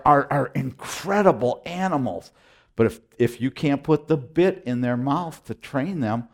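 A middle-aged man preaching a sermon as pastor, emphatic, often repeating words and swinging from loud declarations to hushed, tender moments. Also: mid-range voice.

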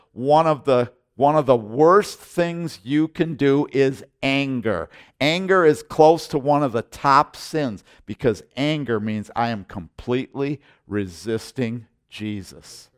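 Middle-aged male pastor, intense emphatic sermon delivery, repeats himself, mid-pitched voice. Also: smooth. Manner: intense, emphatic preaching with repetitions and restarts.

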